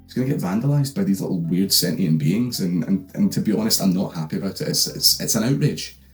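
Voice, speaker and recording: A man's voice: low voice, big pitch swings, normal speed, warm tone, soft background music. A Scottish man voicing an outraged female nature goddess who panics, swears and rants indignantly.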